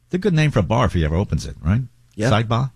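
A male talk radio host chats casually and drifts into asides. His voice is low and a little husky, with lively swings in pitch. The studio sound is dry and close. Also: very fast, no room sound. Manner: chatty, wandering asides.

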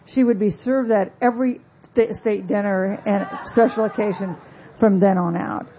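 Woman author, book talk, mellow husky voice, wry asides, dull lo-fi recording. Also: medium pitch. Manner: conversational, frequent fillers, wry asides.

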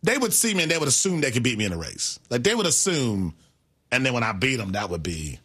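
Bright-voiced laid-back man co-host. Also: medium pitch, big pitch swings, fast talker, breathy edge. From Milwaukee, Midwest US. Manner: laid-back, rambling, laughs easily. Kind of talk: casual podcast chat.

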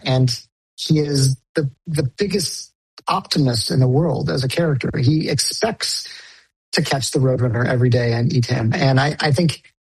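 A man's voice: medium pitch, breathy edge, low-quality recording. A man, a film director, answering an interview enthusiastically and casually with many fillers.

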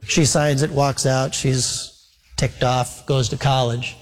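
A man's voice: medium pitch, level tone, slow pace. A man preaching a sermon, telling a story and acting out its dialogue. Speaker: pastor. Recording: long hall reverb.

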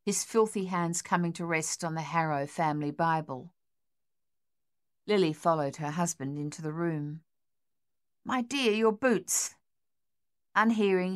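A woman narrating an audiobook in a steady, measured storytelling manner. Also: lowish voice, clear, resonant tone. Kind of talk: scripted narration.

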